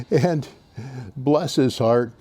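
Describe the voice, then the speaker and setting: A man's voice: medium pitch, very slow, mellow, slightly rough. An older man telling a story in a folksy, meandering, earnest way as host of his own channel. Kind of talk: casual storytelling.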